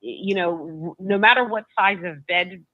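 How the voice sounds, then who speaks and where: A woman guest retells a personal story in an emotional, halting way, stumbling over and repeating her words. Her voice comes through a narrow, tinny line that sounds like a phone call. The sound is dry, with no room echo. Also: medium pitch, bright, forceful tone.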